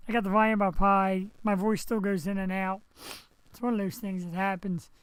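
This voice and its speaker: A man's voice: sits high, level tone, moderate pace, a bit bright, clear, resonant tone, no room sound, low-quality recording. A man hosting his live internet show from home on a headset mic. He rambles in a loose, chatty way, tossing in jokey asides. He's recovering from surgery. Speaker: host. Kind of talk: casual live web show chat. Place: home setup, streaming.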